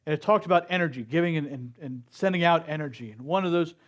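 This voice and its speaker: High-voiced man preaching slowly. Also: muffled recording. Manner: slow, earnest preaching with acted-out quotes. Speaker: speaker at a spiritual center service. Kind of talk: sermon.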